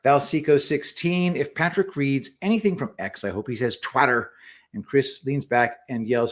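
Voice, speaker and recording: A man co-hosting a casual livestream, reading viewer messages aloud and adding quick remarks. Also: medium pitch. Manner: reads super chats aloud with quick asides. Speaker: co-host reading donor messages.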